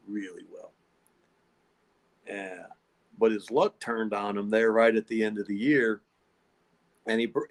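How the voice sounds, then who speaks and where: A man telling a long, rambling story in a casual podcast monologue. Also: fairly low pitch. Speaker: podcast host.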